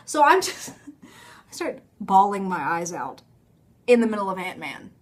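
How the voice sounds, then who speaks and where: A woman's voice: medium pitch, big pitch swings, measured pace, long pauses. A young woman talking casually to her phone camera in a rambling, self-mocking vlog, full of fillers. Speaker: vlogger.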